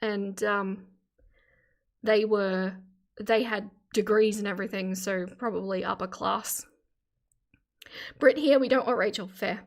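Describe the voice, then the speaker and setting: A woman's voice: mid-range voice, steady tone, a little slow, pauses often. A middle-aged Australian woman chatting casually on a live stream, reading out chat comments and laughing often.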